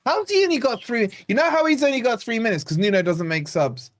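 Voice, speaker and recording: A man's voice: extremely high pitch, expressive, fast talker. A man hosting a live football watch-along, blunt and sarcastic, venting about his team as the match plays out. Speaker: fan channel host.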